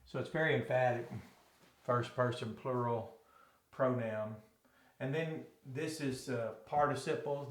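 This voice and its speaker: Bible teacher, a man from Arkansas, walks a class through Greek grammar in a roomy, echoing space. His voice sits at an ordinary middle pitch. He rambles, corrects himself and drops folksy asides. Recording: echoey room.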